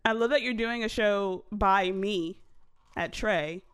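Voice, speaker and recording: A woman's voice: mid-range voice, slow pace, a bit bright, clean tone. A woman co-hosting a casual live stream, chatty and teasing, often laughing. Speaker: co-host.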